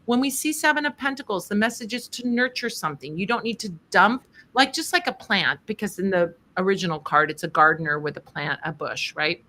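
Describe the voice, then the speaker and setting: Woman tarot host, bright and crisp tone, chatty and quick to laugh. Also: medium pitch. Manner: chatty, laughs often, animated retelling. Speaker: tarot reader hosting a charity stream. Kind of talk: casual storytelling and tarot reading.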